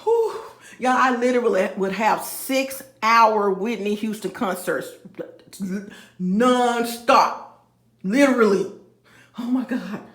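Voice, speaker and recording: A woman with a high voice talks casually to her viewers, laughing and chatting between songs. She speaks straight to the camera in an informal, playful way, and her voice rings in an echoey room. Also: takes it slowly, fairly bright tone. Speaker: vlogger singing covers. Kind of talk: casual chat between a cappella singing.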